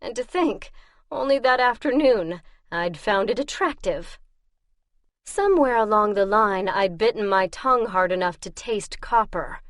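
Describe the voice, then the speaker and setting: A woman narrating a fantasy audiobook in first person, in a measured, wry way. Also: medium pitch, expressive, no room sound, studio quality.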